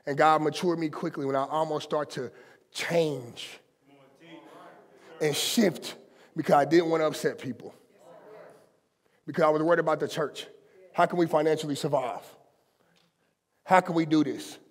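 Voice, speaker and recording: Male pastor, high voice, passionate conversational sermon, church hall reverb. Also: fairly even intonation, normal speed, pauses often. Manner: impassioned, conversational preaching with colloquial asides. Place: church sanctuary.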